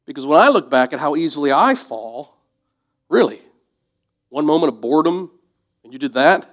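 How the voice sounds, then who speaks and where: A man's voice: fairly high pitch, animated, moderate pace. Conversational, reflective male preacher. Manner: conversational, reflective, drops to soft asides. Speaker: pastor. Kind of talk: sermon.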